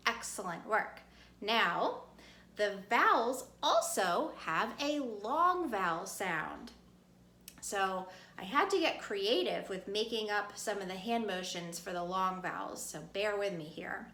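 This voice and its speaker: A woman's voice: medium pitch, lively intonation, bright, forceful tone, reverberant. A woman teaching second graders a phonics lesson, encouraging them and calling out vowel sounds for the class to repeat. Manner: slow, encouraging, calls out sounds with hand motions. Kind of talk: recorded phonics lesson for kids.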